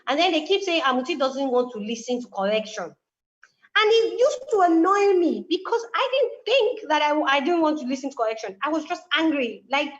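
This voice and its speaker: A woman with a high voice tells a personal story, acting out the lines of the people in it. The recording sounds dull and lo-fi. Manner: animated storytelling with quoted dialogue. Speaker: guest speaker. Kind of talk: conversational explanation.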